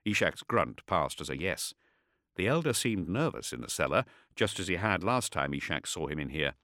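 A man narrating an audiobook story in a steady, expressive storytelling manner. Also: low voice, normal speed, dry recording, studio quality.

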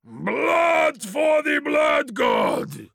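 A man voicing a fanatical, brutish male warlord who bellows his battle cries in a gravelly voice. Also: low voice, huge pitch swings, very slow, pushed and bright, a faint crowd, pitched below the performer's own voice, exaggerated voice. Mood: roaring. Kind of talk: audiobook character voice.

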